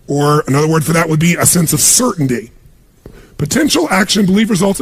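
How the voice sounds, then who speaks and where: A man's voice: high voice, slightly rough. A man giving an emphatic motivational seminar talk to a live audience in a large room, pushing them with repeated commands. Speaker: motivational speaker.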